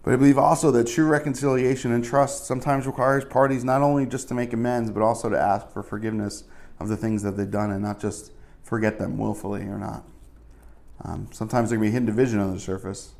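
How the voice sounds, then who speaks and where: Guy preaching real casual, kinda gravelly, mid-pitched, lots of um and you know. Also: steady tone, fast talker, darkish tone. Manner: casual and chatty, with fillers and asides. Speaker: pastor. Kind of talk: conversational sermon.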